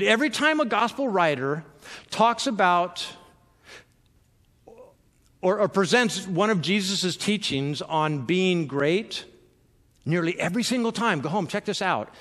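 A pastor preaches a sermon in a loose, conversational style, full of fillers and repeated words as he restarts sentences. His voice sits high with a fairly bright tone, and the sound suggests a big room.

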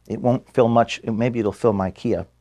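A man giving a farewell address to his staff, filmed in an office room. He is close to tears and halting, and he stops to apologize as he speaks. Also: mid-range voice, steady tone, mellow. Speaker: organization founder giving a farewell speech to staff.

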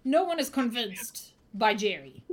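A woman's voice: a little high, very animated, a little slow. A young woman narrating as game master of a tabletop game, playful and teasing.

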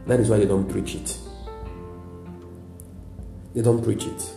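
Nigerian male pastor, lowish gravelly voice, emphatic repeating sermon, roomy echo with faint music behind. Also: little pitch movement, measured pace, warm tone. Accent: Nigerian English. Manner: emphatic preaching with repetition and frequent "praise God".

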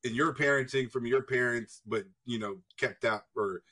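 A man's voice: medium pitch, normal speed, husky. A man hosting a casual podcast chat, asking the others questions in turn and acting out the voices of people he quotes. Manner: animated, acts out quoted voices; asks the guests questions in turn. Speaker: podcast host.

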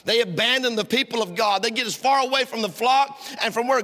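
High bright-voiced preacher in a reverberant church. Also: male voice, animated, a little fast, few pauses. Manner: preaching with wide swings from loud to hushed. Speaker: pastor. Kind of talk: sermon. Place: church sanctuary.

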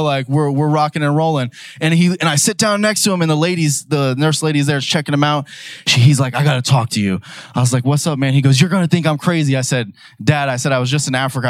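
A young man preaches with a somewhat higher voice, telling his story loosely and conversationally. He builds to loud, emphatic declarations. The recording is dry and close, with little room sound. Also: no echo. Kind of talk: sermon.

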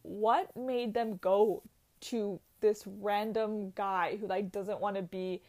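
A woman's voice: medium pitch, fairly even intonation, slow, a little mellow. A young woman chatting casually and gushing, full of "like" and "um". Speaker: vlogger. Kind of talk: casual chat.

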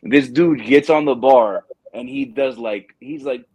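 A man hosting a casual chat, telling a recruiting story with lively acted-out quotes and plenty of "bro". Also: medium pitch, unhurried, breathy edge, no echo. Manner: animated storyteller, acts out quotes, says "bro". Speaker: podcast host, Marine recruiting staff sergeant.

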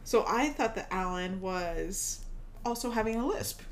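A woman co-hosting a casual chat, talking in a lively way and laughing often. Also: medium pitch, measured pace, slight background noise. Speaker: podcast co-host.

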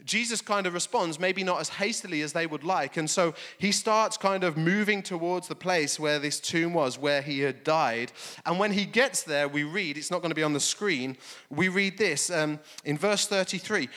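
A man's voice: sits high, normal speed, sharp tone. Man preaching in an echoing hall. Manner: conversational preaching, frequent "okay?" asides. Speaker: pastor. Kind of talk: sermon. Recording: long hall reverb.

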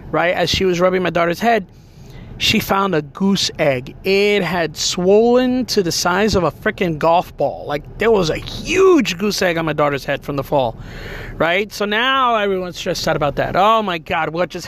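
A middle-aged man with a fairly high voice tells a family story in an easygoing, rambling way. He leans on filler words and keeps checking in with tag questions. A faint car hum sits under his voice. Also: animated, unhurried, a bit bright. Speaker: father telling a family story. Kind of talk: casual personal storytelling.

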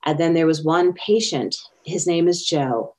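Lady telling her story in an interview, earnest, a bit low pitched, acts out what people said. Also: a little slow, darkish tone. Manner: earnest, acts out quoted speech. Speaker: interview guest. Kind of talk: personal storytelling in conversation.

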